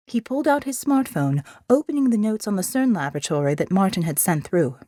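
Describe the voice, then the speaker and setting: A woman narrating an audiobook in a clear, expressive reading, on a close mic. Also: mid-range voice, fairly quick, no echo. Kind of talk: scripted narration.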